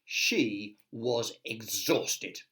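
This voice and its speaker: A man's voice: lowish voice, very slow, a bit bright. A man, a teacher, reading a picture book aloud to children with chatty asides to his listeners.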